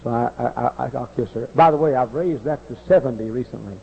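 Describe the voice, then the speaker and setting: Gravelly preacher man in an echoey hall. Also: medium pitch, a little fast. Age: 40s. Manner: folksy storytelling that rises into loud impassioned preaching. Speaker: pastor. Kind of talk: sermon. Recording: dull old recording in a large reverberant hall.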